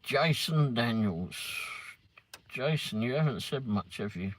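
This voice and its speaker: A man's voice: medium pitch, animated, slow. A man hosting a casual live stream, chatting to viewers by name and swearing freely. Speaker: livestream host. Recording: noisy, with vehicle noise behind.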